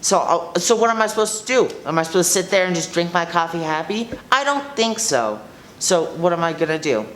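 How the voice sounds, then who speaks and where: A young woman plays an entitled newcomer who rants indignantly about a coffee order. Her voice sits low. There is faint hiss behind her. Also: measured pace. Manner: indignant ranting. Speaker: new group member. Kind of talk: student sketch comedy acting.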